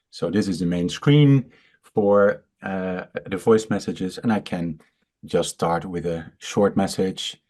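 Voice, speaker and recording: Dutch-accented founder, male, lowish voice, stutters through an explanation, lots of fillers and restarts. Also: darkish tone. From Netherlands. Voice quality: stutters, with many fillers and repeated words. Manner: explanatory, halting. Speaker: startup founder. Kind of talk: interview on a video call.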